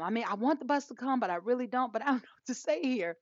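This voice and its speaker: A woman's voice: fairly high pitch, very fast, dry recording. A woman in her forties co-hosting a podcast, telling a story with laughter and acting out both sides of the dialogue. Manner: animated, laughs while telling stories, acts out dialogue. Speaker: podcast co-host. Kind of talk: casual storytelling chat. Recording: dull lo-fi dry sound.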